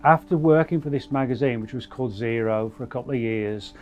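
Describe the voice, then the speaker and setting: A man in a reflective interview, speaking thoughtfully and haltingly with fillers. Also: medium pitch, a little mellow, dull audio, soft background music. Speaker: interviewee, researcher.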